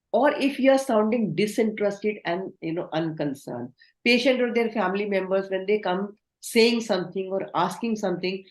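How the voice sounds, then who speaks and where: A woman giving an online training lecture, instructive and asking the class questions. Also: medium pitch. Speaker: communication trainer. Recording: roomy echo.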